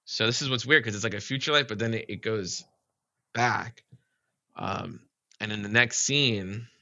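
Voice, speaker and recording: Gravelly, bright-toned man telling a story. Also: lowish voice, dry recording, highs cut off. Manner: rambling, full of "like" and "you know". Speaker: podcast guest. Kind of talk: casual storytelling.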